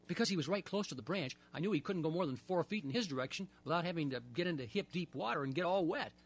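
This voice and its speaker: Male storyteller, children's book read-aloud, husky voice, very animated pitch. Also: quick pace. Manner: lively, expressive storytelling.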